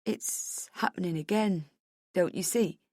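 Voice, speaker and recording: A woman plays a frightened young husband on the verge of tears, his words halting and soft as he pleads. It is an audiobook reading in a dry, close recording. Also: fairly low pitch, no room sound. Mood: pleading.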